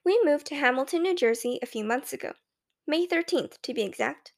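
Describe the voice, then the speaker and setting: A woman reading a children's audiobook aloud, narrating in first person as a young boy in a clear, measured way. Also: sits high, lively intonation.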